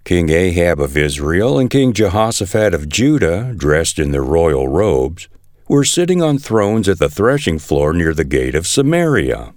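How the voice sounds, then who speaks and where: A man reading scripture aloud in a measured, expressive way. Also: low voice, dry recording, clean studio sound. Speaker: scripture reader.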